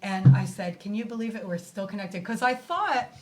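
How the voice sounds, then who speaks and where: A woman's voice: mid-range voice, moderate pace. Woman guest telling a story with energy. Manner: animated, acts out quoted dialogue. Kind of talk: casual storytelling.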